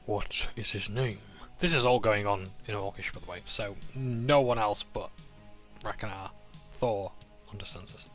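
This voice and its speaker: A man's voice: fairly low pitch, moderate pace, soft background music. A man recapping a tabletop game session in a casual, rambling way. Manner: rambling, with fillers and restarts.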